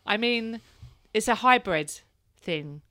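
A woman's voice: on the high side, lively intonation, takes it slowly, bright, forceful tone, no echo, studio quality. A woman in her thirties, hosting a casual chat and telling candid stories, laughing now and then. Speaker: podcast host, mother.

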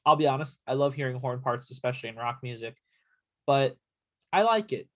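A man's voice: medium pitch, expressive, fairly quick. A man co-hosting a music podcast, chatting casually in a teasing, playful way. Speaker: podcast co-host. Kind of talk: casual chat about music.

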